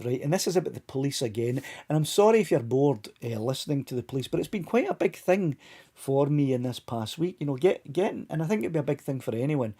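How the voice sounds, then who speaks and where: Man, live stream host, relaxed chatty delivery to his viewers, mellow husky tone. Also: mid-range voice. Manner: chatty, talks straight to viewers by name. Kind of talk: casual live stream chat.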